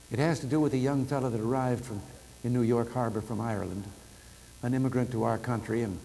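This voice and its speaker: An older man addresses a convention by telephone, mixing formal remarks with folksy anecdotes and gentle humor. His voice sits at an ordinary pitch. The archival line carries a faint hiss behind him. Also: vocal fry, rough recording. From United States. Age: 70s. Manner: folksy storytelling, warm humor. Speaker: president giving remarks. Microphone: telephone hookup.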